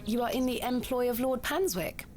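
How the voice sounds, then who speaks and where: A woman's voice: a little high, normal speed, background noise, natural voice. A woman voicing a prim archaeologist. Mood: composed. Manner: formal, composed.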